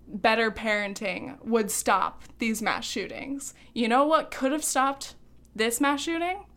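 A woman hosting a podcast, ranting quickly and heatedly, running short of breath. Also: fairly high pitch, a bit bright. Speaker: podcast host. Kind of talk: opinionated podcast monologue.

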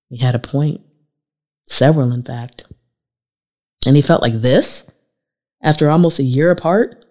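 A woman's voice: extremely low pitch, unhurried, pauses often, darkish tone. A woman in her forties from the Southern United States, with a Southern American accent, reading her own memoir aloud in an emotional, confessional way. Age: 40s. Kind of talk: audiobook memoir narration.

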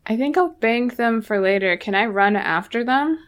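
A woman's voice: fairly high pitch, expressive, moderate pace. A woman playing a tabletop game, chatting casually with dry, wry remarks. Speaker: player.

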